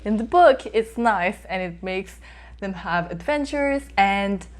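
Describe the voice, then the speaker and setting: A woman's voice: medium pitch, lively intonation, slow pace, slight background noise. A woman from North America hosting her own book review vlog, talking in a chatty, hesitant way with frequent small laughs. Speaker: book reviewer, channel host.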